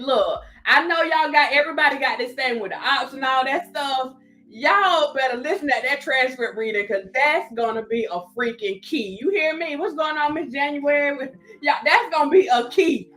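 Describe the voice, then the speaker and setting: A woman's voice: sits high, moderate pace, pushed and bright, soft background music. A woman hosting a live stream, chatting casually, laughing often and reading viewer comments aloud.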